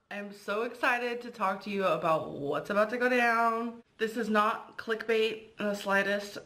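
A woman vlogging casually to camera, chatty and excitable with frequent giggles. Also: medium pitch, slight background noise, poor audio.

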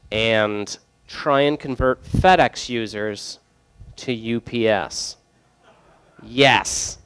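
A man's voice: mid-range voice, smooth. A young man working as a brewery sales rep, telling loose, joking stories to a group with lots of fillers. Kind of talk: casual storytelling to a group.

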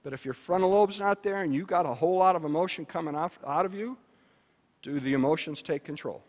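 A man speaking at a luncheon, giving an educational talk to parents in an animated, storytelling manner. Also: brisk. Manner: animated storytelling with shifts in pitch and loudness. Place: banquet hall. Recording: reverberant hall.

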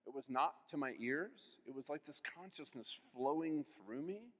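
A man's voice: fairly high pitch, animated, a little slow. Earnest man telling his story, reverberant hall. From United States. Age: 50s. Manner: earnest storytelling with sudden swings in loudness. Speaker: keynote speaker. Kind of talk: personal faith testimony. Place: large convention hall.

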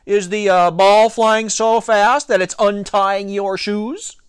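A man reading aloud and voicing a taunting, cocky boy pitcher who bullies with drawn-out mocking remarks. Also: lively intonation, a bit bright, smooth, no echo, studio quality.

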